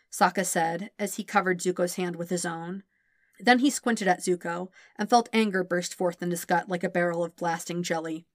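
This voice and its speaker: Low-voiced woman reading a story gently. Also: steady tone, normal speed, dry recording, clean studio sound. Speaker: podfic reader. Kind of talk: audiobook narration of fan fiction.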